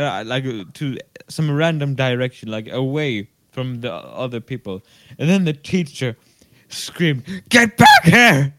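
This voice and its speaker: A man co-hosting a podcast, telling a rambling story full of fillers and acted-out shouts. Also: medium pitch, dry recording. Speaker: podcast co-host. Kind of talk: casual chat.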